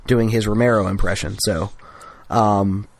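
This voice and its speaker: A man's voice: on the low side, steady tone, a little slow, vocal fry. A man co-hosting a podcast, chatting casually and enthusiastically, often restarting his sentences. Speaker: podcast co-host. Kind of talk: casual chat.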